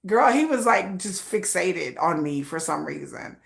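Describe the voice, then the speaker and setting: Woman, livestream host, casual storytelling, animated slangy delivery, bright ringing voice, phone mic at home. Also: lowish voice, a little slow, gravelly. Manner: animated, slangy, acts out quoted voices with laughs.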